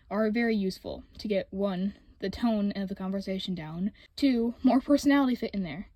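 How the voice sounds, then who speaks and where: Woman host, warm dark tone, dry close voice-over, frank and casual writing advice. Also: mid-range voice, no echo. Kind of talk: scripted voice-over.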